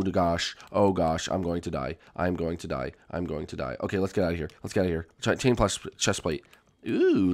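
A young man giving casual, excitable let's-play commentary to his viewers, jumping between gasps and chatter. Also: on the low side. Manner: excitable, jumpy, talks to viewers as folks. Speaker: gaming YouTuber.

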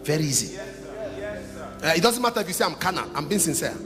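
A man preaching an animated, humorous storytelling sermon to a church congregation, now and then bursting into shouts. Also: a little high, a little fast. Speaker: pastor. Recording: reverberant church hall with music. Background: instrumental music.

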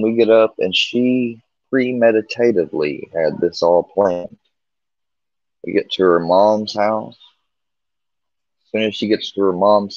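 A man's voice: fairly low pitch, darkish tone, dry recording. A man casually telling a long personal story about his marriage, rambling and candid, full of restarts and quoted back-and-forth. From Missouri. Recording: dull lo-fi stream audio.

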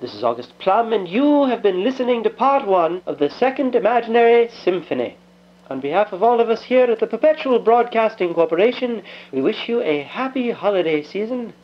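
A man's voice: high-pitched, sing-song, brisk. A man voicing August Plum, a formal, genial old-time radio announcer signing off. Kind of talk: vintage radio sign-off. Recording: dull lo-fi radio sound.

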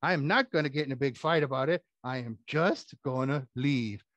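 A man's voice: mid-range voice, normal speed, a bit bright, no room sound, lo-fi sound, lightly acted. A man voicing a fussy talking pie that speaks formally and grows indignant at being poked. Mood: prim, indignant. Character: fussy talking pie, male, prim and touchy.

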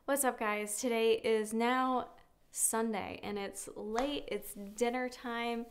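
A woman's voice: on the high side, fairly even intonation, slow pace, a little hiss or hum. Chatty young woman vlogging at home. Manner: chatty, giggly, swears casually. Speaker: fitness vlogger. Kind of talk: casual vlog chat. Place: home, at a meal. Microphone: camera on a tripod.

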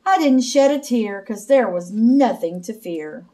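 A woman's voice: a little high, expressive, measured pace, warm tone. A woman doing a fretful little boy shark. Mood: proud. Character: young anxious boy shark.

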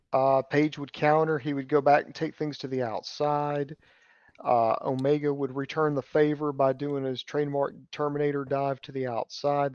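A man's voice: fairly high pitch, no echo. A man co-hosting a wrestling review, walking through a match step by step with plenty of uhs. His voice sounds a little dull and lo-fi, and the sound is dry. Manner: steady play-by-play summary with filler uhs. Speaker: co-host. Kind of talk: match recap.

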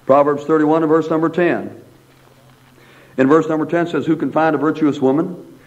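A man preaching a sermon as pastor, in a folksy, animated manner full of asides. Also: fairly high pitch, normal speed. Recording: dull lo-fi sermon recording.

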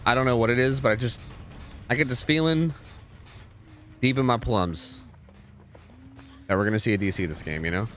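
A man's voice: medium pitch, normal speed, long pauses, fairly bright tone. A man streaming a video game, chatting casually and rambling with lots of fillers and swearing. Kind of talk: casual gaming stream chat.

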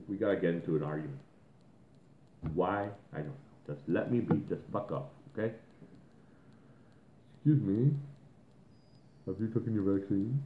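A man co-hosting a podcast, ranting in a heated, profane way and mocking the people he quotes. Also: fairly low pitch. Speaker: podcast co-host. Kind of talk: ranting casual podcast talk. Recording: tinny phone-like line in an echoey room.

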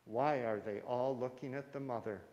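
A man voicing an excitable little fairy in a high, delighted voice, recorded in a reverberant hall. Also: normal speed, highs cut off, close to an everyday voice. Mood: excited.

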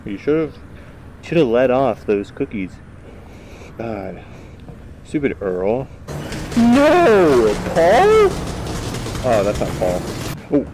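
A tired man giving goofy gameplay commentary into a VR headset, with excitable outbursts between quiet mutters. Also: on the low side, takes it slowly, long pauses, background noise. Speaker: gamer.

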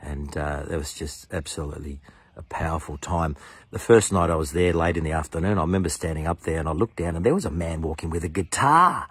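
A middle-aged pastor with a very low, husky voice tells his testimony with earnest enthusiasm. He brings other people's lines to life in his own voice. The sound is dry and close, with no room echo. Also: fairly quick, fairly bright tone. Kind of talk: personal testimony storytelling.

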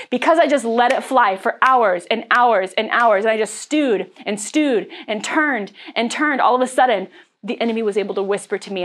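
Candid woman pastor preaching casually. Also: a little high. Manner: candid, conversational, laughs often, frequent fillers. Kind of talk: sermon.

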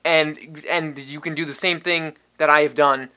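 A man voicing a loud, pushy, shady hustler who dodges the law in an improvised parody ad, stammering and asking "okay?" over and over. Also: fairly high pitch, steady tone, normal speed, pitched below the performer's own voice. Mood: pushy, evasive.

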